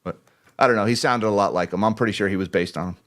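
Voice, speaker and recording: A man's voice: on the low side, racing, fairly bright tone. Male livestream host, casual market commentary, jokey and chatty, thanks viewers by name. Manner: chatty, joking, laughs often.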